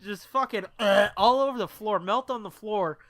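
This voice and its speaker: A man's voice: sits high, normal speed, a bit bright. A man co-hosting a podcast, telling a long, profane, rambling story in casual chat. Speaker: podcast co-host.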